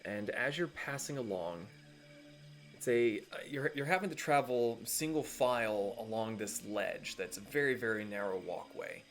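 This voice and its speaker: A man's voice: lowish voice, animated, moderate pace, a bit bright, faint music behind. A man narrating as game master of a tabletop game over a voice call, loose and casual, with fillers and the odd curse.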